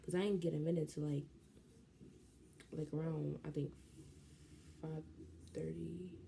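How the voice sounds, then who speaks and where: Gravelly-voiced young woman telling a story. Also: deep voice, a little slow, slight background noise. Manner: animated, slangy, jumps into quoted voices. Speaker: vlogger. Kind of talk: casual storytelling vlog.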